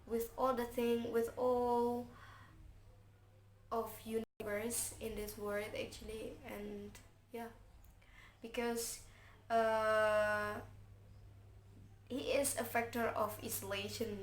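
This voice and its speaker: A woman's voice: fairly high pitch, flat delivery, slow, pauses often. A young woman student presenting a poem analysis for an assignment, talking hesitantly with many fillers and restarts, her first language Indonesian. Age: young adult. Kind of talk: informal recorded poem analysis. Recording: faint background noise.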